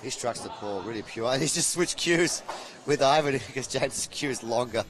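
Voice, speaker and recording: A man's voice: mid-range voice, animated, fairly quick, noisy background. A man giving live pool match commentary in a chatty, rambling, jokey way with plenty of fillers.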